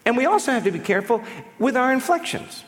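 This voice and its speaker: A man preaching a sermon as pastor, in an animated, conversational way with touches of humor. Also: extremely high pitch, quick pace. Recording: long reverb of a large hall.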